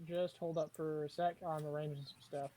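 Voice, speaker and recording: A man's voice: on the high side, flat delivery, normal speed, warm tone. A man running an online tabletop game as game master, narrating events in an easygoing, matter-of-fact way.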